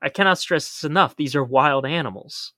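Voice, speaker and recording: A man's voice: fairly high pitch, a little fast, bright, forceful tone, no echo, studio quality. A man co-hosting a podcast, explaining in a casual chat with emphatic warnings. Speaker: podcast co-host.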